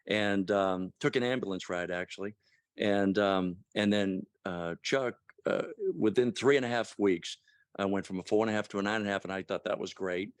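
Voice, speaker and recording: Halting low-voiced man in his sixties. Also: clear, resonant tone, dry recording, clean studio sound. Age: 60s. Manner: halting, many fillers and restarts. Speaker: guest giving a testimonial. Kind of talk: casual call testimonial.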